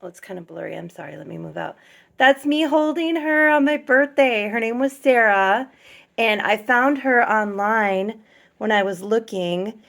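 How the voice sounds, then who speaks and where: A middle-aged woman chatting casually in a home vlog, soft-spoken and gently emotional, rambling with many fillers. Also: fairly high pitch, animated, normal speed, gravelly. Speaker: doll collector vlogger.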